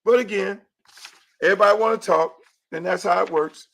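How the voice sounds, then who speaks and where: Brief: high-pitched, gravelly man, profane sports-talk host who hammers his points. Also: fairly quick. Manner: loud, profane, emphatic, repeats for emphasis. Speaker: high school football coach.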